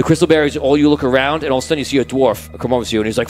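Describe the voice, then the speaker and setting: A man's voice: medium pitch, lively intonation, racing, few pauses, over music, poor audio. A man narrating as game master of a tabletop game, setting scenes cinematically and rambling with restarts and fillers.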